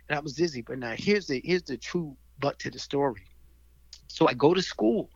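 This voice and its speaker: A man's voice: medium pitch, animated, fairly quick, breathy edge, no echo, highs cut off. A middle-aged man telling a story from his youth in casual conversation, animatedly acting out the voices of people in it. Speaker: guest storyteller.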